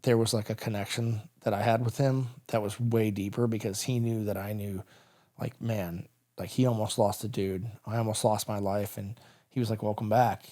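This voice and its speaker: A middle-aged American man, a guest on a podcast, recounting a combat story in halting speech full of fillers and restarts. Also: lowish voice, steady tone, warm tone.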